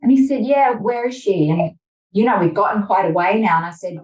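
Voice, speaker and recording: A woman's voice: medium pitch, lively intonation, a little fast, darkish tone. A woman, a mother of young children, telling a personal story in an interview and acting out her own panicked thoughts. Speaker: interview guest. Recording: distant, echoey room sound.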